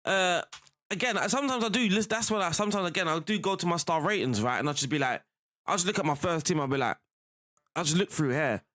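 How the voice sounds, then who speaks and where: Chatty young man, lively and dry. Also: high voice, fast talker, dry recording. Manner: chatty, laughs often, says "bro" and "innit". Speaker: gaming streamer. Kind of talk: casual game commentary.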